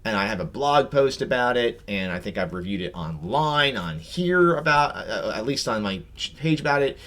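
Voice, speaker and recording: A man's voice: mid-range voice, expressive, moderate pace, a bit bright. A man co-hosting a tabletop gaming chat show, talking casually and rambling with repeated words.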